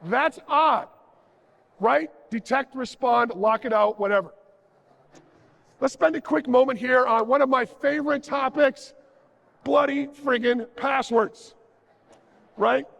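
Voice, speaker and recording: A man's voice: very high voice, a little slow, creaky, pauses often, a bit bright, highs cut off. A man giving a jokey, sarcastic conference talk on stage, acting out little dialogues as he goes. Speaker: conference speaker. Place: large conference hall. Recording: reverberant conference hall.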